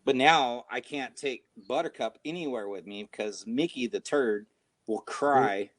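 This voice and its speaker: A man co-hosting a casual video-call chat, telling relaxed stories and laughing at them. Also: medium pitch, a little slow, no echo. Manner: relaxed storyteller, laughs at his own stories. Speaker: co-host.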